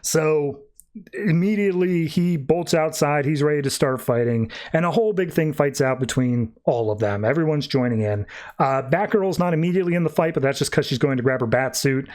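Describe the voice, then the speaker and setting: A man's voice: on the high side, expressive, a little mellow. A man hosting a podcast, giving a rambling, casual recap of a comic book story. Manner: rambling, breezy summarizing with quick mock voices. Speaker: podcast host.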